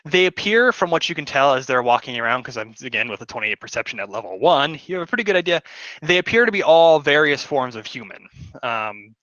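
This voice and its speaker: A man's voice: medium pitch, sing-song, brisk, bright, forceful tone, dry recording, highs cut off. A man narrating a tabletop game as game master, in a rambling way full of fillers.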